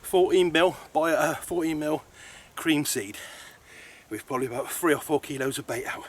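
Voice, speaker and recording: A man filming his fishing trip by a lake, breathless and excited as he talks over his catch. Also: on the high side, normal speed. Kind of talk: excited outdoor vlog chat. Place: outdoors by a lake. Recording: outdoor recording with loud background noise.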